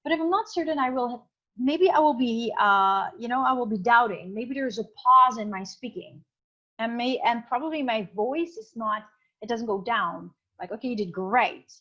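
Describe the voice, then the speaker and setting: A woman's voice: on the high side, expressive, moderate pace, pushed and bright, dull audio. A woman teacher giving an online class. She explains through many examples and thinks aloud with fillers. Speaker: English teacher.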